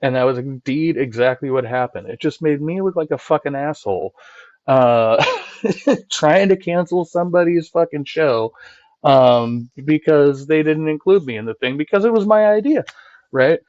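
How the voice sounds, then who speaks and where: A man's voice: on the high side, expressive, normal speed, a little mellow, no room sound, highs cut off. A man hosting a live stream who rambles conversationally, often checking in with "right?", swearing and laughing as he reads chat. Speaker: streamer and channel host. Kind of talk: casual live-stream commentary, reading chat.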